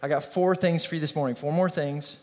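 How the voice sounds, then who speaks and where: Pastor, man, slightly high voice, energetic conversational sermon, call-and-response. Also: a little fast.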